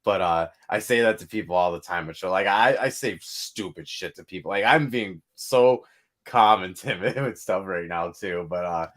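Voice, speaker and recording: A young man from the northeastern US, a metal band's singer, chatting casually on a podcast, rambling through road stories with swearing and sudden animated outbursts. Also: low-pitched, moderate pace. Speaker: metal band vocalist, guest.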